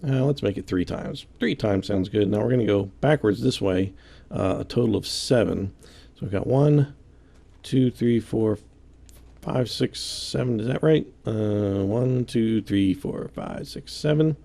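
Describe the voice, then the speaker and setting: Male tutorial host, low and gravelly, mellow tone, easygoing self-joking delivery. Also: unhurried. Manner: counts aloud, relaxed and self-joking. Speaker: game building tutorial host. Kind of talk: casual step-by-step building commentary.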